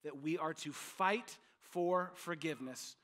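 A man preaching a sermon as pastor, emphatic and animated, repeating his points. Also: fairly high pitch, a little slow.

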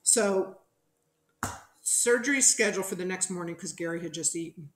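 A middle-aged woman from New Jersey, a podcast guest telling a story in a lively, animated way and acting out the people in it. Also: on the low side, moderate pace. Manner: animated storyteller who acts out quotes. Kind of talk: casual storytelling interview. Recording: roomy echo.

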